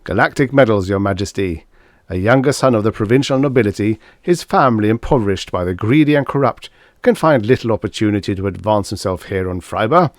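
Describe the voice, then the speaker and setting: A man's voice: lowish voice, no room sound, clean studio sound, natural voice. A man voicing a pompous, boastful provincial nobleman with a thick, rich put-on accent and a growling manner in an audiobook. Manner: growling, blustering.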